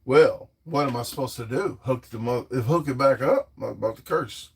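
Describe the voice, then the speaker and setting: A man's voice: mid-range voice, normal speed, vocal fry, slightly rough, poor audio. A man hosting a casual livestream, rambling and joking as he reads viewer comments aloud and answers them. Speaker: livestream host reading chat.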